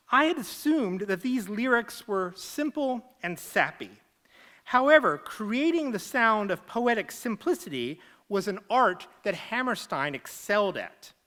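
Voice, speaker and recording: Prof giving a ted-style talk, takes it slow, voice rises and falls a lot, very scholarly. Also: medium pitch, fairly bright tone. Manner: scholarly, explains closely, taps out rhythms. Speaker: faculty lecturer.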